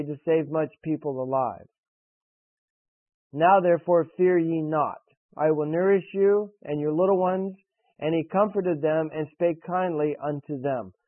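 A man's voice: on the high side, dry recording. A man preaching a sermon and reading scripture, earnest and direct, pressing questions on his listeners. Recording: tinny, dry radio broadcast.

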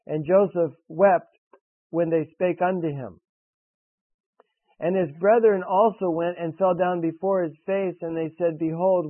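A man's voice: on the high side, no room sound. A man preaching a sermon and reading scripture, earnest and direct, pressing questions on his listeners. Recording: tinny, dry radio broadcast.

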